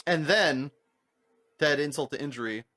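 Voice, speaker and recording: A young man with a voice pitched a little high chats into a podcast mic. He tells his stories in a lively, profane way, packed with filler words, and acts out other people's lines in funny voices. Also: normal speed. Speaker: podcast co-host. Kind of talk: casual storytelling chat.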